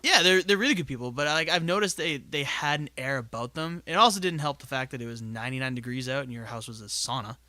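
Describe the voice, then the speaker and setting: Bright, chatty guy in a dry room. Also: mid-range voice, fast talker, few pauses, dry recording. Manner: chatty, rambling, many fillers. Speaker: player in the gaming troupe. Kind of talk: casual group chat.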